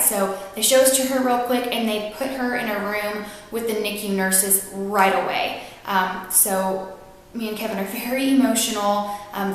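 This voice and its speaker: A young woman vlogger telling a personal story to camera, earnest and emotional, rambling with fillers. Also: mid-range voice. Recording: very echoey room.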